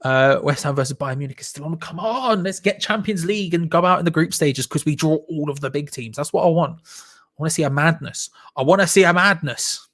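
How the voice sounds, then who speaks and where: A young man hosting a live football watch-along, reacting excitedly to the match and chatting with viewers. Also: a little high, brisk. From England. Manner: excitable, shouts and laughs at goals, chats to viewers. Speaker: fan channel host.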